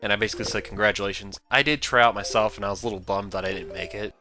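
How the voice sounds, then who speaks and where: Let's play host: man, chatty and rambling, bright tone. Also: fairly low pitch, racing, faint music behind. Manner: chatty, rambling, animated outbursts and put-on character voices. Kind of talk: casual gameplay commentary.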